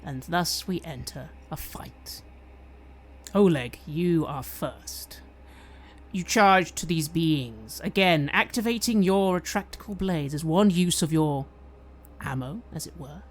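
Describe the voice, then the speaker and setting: A woman's voice: deep voice, lively intonation, slow, husky. A woman narrating a tabletop game as game master, describing scenes and asking players what they do. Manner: descriptive, occasionally hesitant.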